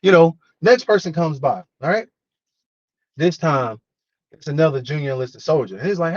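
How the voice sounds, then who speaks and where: An army non-commissioned officer gives a motivational talk in an earnest, preachy way, often repeating his points. His voice sits high, with a dry, close sound. The recording is a little dull and muffled. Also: lively intonation, moderate pace, dry recording.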